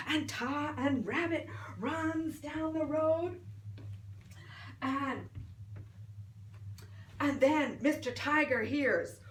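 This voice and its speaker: A woman telling a folk tale in a rhythmic, sing-song way with dramatic pauses, recorded in a roomy space with the mic some distance off. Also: high-pitched. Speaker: storyteller.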